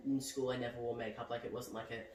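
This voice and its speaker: A man's voice: mid-range voice, level tone, fast talker, darkish tone. A young man, chatting casually as a podcast guest and rambling with lots of "like". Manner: rambling, heavy use of "like". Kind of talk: casual chat. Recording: roomy echo, distant mic, faint background noise.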